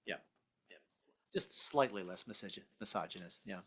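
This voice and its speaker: A man's voice: deep voice, moderate pace, long pauses, a bit bright, slightly rough. A man doing a stand-up comedy set, stammering and restarting often and slipping into put-on voices. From American South. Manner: stammering, self-interrupting delivery with frequent put-on voices.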